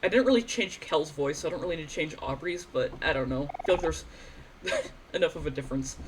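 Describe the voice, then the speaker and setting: A woman's voice: deep voice, quick pace, very noisy. A woman streamer chatting enthusiastically while playing a game, with a stuffy nose and repeated words. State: congested. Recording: game music under voice. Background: game music.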